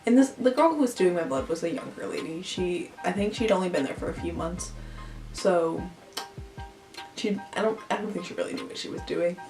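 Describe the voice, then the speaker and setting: A woman's voice: lowish voice, lively intonation, fairly quick. A young woman vlogger telling a storytime tale in a chatty way, full of "like.". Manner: chatty, heavy use of "like". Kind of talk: storytime vlog. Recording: echoey room, distant mic, faint music.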